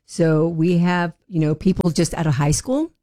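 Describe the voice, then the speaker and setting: Encouraging woman guest, low mellow voice, dry close mic. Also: moderate pace, no echo. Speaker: program representative, guest. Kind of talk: radio interview.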